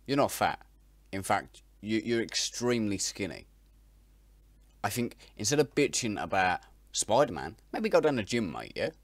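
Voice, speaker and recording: A man's voice: on the low side, no echo. A man hosting a reaction video, making crude, mocking jokes and stumbling over his words. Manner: mocking, stammering, bursts into loud laughter. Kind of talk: profane comedic reaction commentary.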